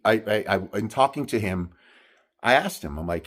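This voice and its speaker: A man telling a personal story in an earnest, halting way, with many restarts and fillers. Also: low-pitched.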